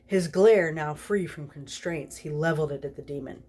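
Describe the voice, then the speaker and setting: A woman's voice: low-pitched, normal speed, darkish tone, breathy edge. A tipsy woman reading a story aloud, giggling through it. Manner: giggly, snorty laughs while reading. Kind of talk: reading fan fiction aloud.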